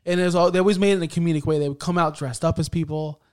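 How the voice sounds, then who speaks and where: A man chatting on a podcast with a slightly raised pitch. He is animated and joking, talking over his co-host in loose, casual banter. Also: rapid-fire, clear, resonant tone. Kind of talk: casual chat.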